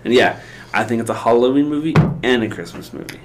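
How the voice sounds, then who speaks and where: A man's voice: medium pitch, expressive, fast talker, heavy background noise. A man co-hosting a podcast, talking about a favorite film in a plain, easygoing way. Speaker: podcast co-host. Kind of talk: casual chat.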